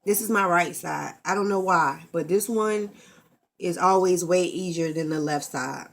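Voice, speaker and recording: A woman's voice: lowish voice, unhurried, gravelly. A woman, talking candidly and expressively in a casual vlog and swearing freely, into a camera mic. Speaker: vlogger.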